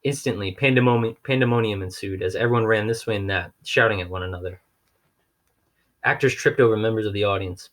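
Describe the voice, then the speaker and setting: A man with a low voice reads a children's novel aloud. His narration is steady and wry, with an occasional restart. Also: quick pace. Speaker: audiobook reader.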